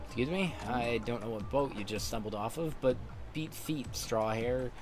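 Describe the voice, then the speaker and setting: A man voicing a bullying old samurai thug with a gruff, sneering way of talking. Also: medium pitch, moderate pace, music in the background, close to an everyday voice.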